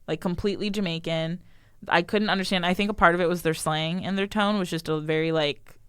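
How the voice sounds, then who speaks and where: A woman's voice: on the low side, steady tone, a little fast, clear, resonant tone, dry recording, clean studio sound. A young woman co-hosting a podcast, chatting animatedly and laughing often. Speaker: podcast co-host. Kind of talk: casual chat.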